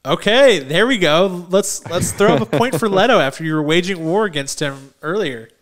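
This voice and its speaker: A man's voice: high voice, animated, normal speed, fairly bright tone. A man co-hosting a movie podcast, giving easygoing opinions on films. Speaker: podcast co-host. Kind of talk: casual movie review chat.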